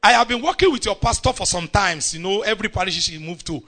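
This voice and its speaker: Nigerian male preacher, middle-aged, very high and bright voice, fiery delivery, works the congregation. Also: quick pace. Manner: animated, bursts into shouting, calls on the congregation. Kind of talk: sermon.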